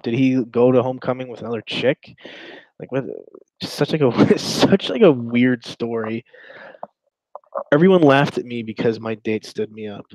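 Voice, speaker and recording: A man's voice: medium pitch, moderate pace, darkish tone, dry recording, low-quality recording. This is a man in casual podcast chat, reacting to chat logs he reads aloud. He rambles, swears, and breaks off mid-thought before starting again. His voice sits mid-range and the recording is close and dry, with no room sound. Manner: rambling, crude, trails off and restarts. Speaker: podcast co-host.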